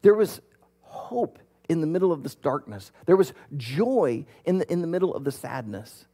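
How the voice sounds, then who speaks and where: Animated, husky-voiced male pastor. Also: fairly high pitch, moderate pace. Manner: conversational, animated storytelling with fillers and restarts. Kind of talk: sermon.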